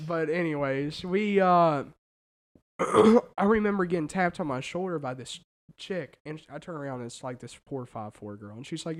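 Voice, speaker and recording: A young American man co-hosting a casual podcast, telling an animated story with lots of swearing and acted-out quotes. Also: fairly high pitch, normal speed. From United States. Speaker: podcast co-host. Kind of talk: casual chat.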